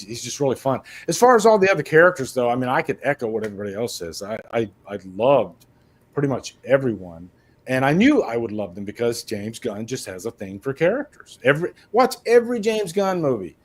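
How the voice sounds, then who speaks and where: A man from Mississippi talks through a film in a relaxed panel chat, his voice sitting at an ordinary middle pitch. He rambles, stumbles over repeated words and keeps an earnest tone. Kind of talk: casual movie discussion.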